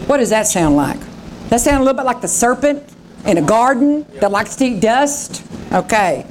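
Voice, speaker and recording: A woman's voice: a little high, sing-song, moderate pace, darkish tone, a little hiss or hum. A woman pastor preaching a revival sermon, fervent and dramatic, acting out the voices of scripture.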